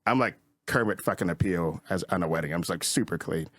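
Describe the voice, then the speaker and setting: Fast-talking low-voiced man telling stories. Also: fairly bright tone, no echo. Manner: rambling, many "like" fillers, swears freely. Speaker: comedian guest. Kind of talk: casual podcast storytelling.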